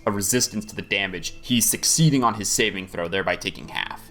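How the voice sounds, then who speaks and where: A man running a tabletop game as game master, calmly explaining rules and rolls. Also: on the low side, fast talker, soft background music.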